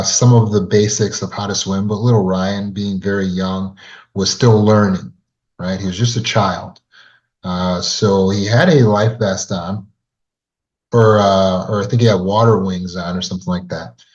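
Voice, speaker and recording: Trauma recovery coach, male, low-pitched, earnest; speaks straight to the listener. Muffled lo-fi audio. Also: steady tone, moderate pace, a little mellow. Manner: earnest, addresses listener directly with rhetorical questions. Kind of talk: storytelling lesson to camera. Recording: dull lo-fi sound.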